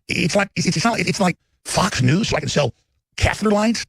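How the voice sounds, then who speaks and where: Gravelly, fast-ranting male talk host. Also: a little high, lively intonation, no room sound. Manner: ranting, emphatic, rambling. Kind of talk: unscripted live monologue.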